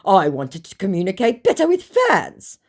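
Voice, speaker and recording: A woman's voice: mid-range voice, huge pitch swings, normal speed, voice pushed up. A woman voicing a pushy male scammer who poses as a celebrity, in a mock-sweet, wheedling manner.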